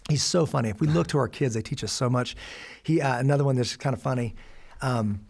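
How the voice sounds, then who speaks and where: Fast-talking gravelly American man. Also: mid-range voice. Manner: animated storyteller, acts out family dialogue with laughs. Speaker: guest, former special operations officer and father. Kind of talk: candid podcast conversation.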